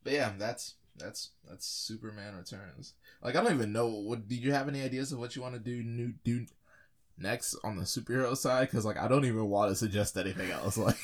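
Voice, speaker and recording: A man's voice: mid-range voice, fairly quick. A man co-hosting a podcast, chatting casually about movies in a rambling way with lots of fillers. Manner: rambling, filler-heavy, restarts often. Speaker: podcast co-host.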